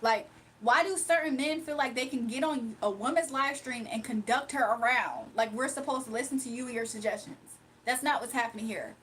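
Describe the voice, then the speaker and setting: A woman hosting a livestream with a fairly high voice, reading comments aloud and firing back bluntly. Her tone is sassy and casual, and faint background noise sits under her voice. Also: a little fast, fairly bright tone. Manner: blunt, sassy, laughs often. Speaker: livestream host.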